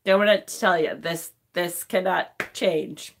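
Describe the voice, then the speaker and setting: Speaking slowly in a low, gravelly voice, this woman in her forties is tearful as she chats casually on a live stream. There's a little hiss or hum on the phone recording, and she laughs and swears a lot.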